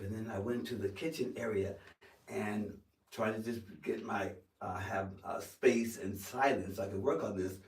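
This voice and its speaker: Male actor guest, lowish voice, lively storyteller, recorded in an echoey room from a distance. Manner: animated storyteller, acts out quoted lines, some stammering restarts. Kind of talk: storytelling interview. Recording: roomy sound from a distance.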